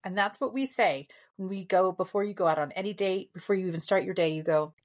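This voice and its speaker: A woman's voice: mid-range voice, fast. A woman hosting a casual chat, wry and encouraging. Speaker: podcast host.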